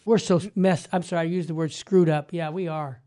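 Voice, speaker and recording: Emphatic high-voiced male talk host. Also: fairly even intonation, fairly quick, warm tone. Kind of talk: casual talk show chat.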